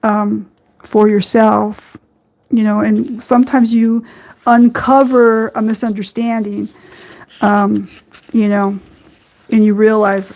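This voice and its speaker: A woman hosting a podcast, talking slowly about spiritual matters, halting often with ums and you-knows. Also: fairly high pitch, fairly even intonation, darkish tone. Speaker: podcast host. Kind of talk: reflective spiritual talk.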